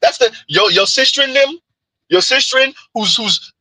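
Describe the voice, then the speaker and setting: A man hosting a livestream who reads viewer comments aloud in an animated, teasing way. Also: very high voice, moderate pace, no room sound, low-quality recording. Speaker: livestream host. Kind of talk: reading live chat comments.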